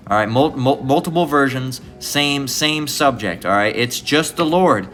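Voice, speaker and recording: A man talks through Bible verses in a loose, rambling way, swearing freely and checking in with "all right?" over and over. His voice is bright and sharp, and faint music sits behind him. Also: mid-range voice, lively intonation, measured pace. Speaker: preacher. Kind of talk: informal scripture lesson.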